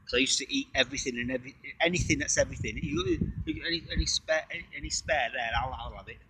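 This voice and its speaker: A man's voice: fairly high pitch, big pitch swings, quick pace, creaky, bright, forceful tone, a little hiss or hum, low-quality recording. A man hosting a casual livestream, rambling through playful wordplay and chatty asides, sometimes talking while eating. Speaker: livestream host.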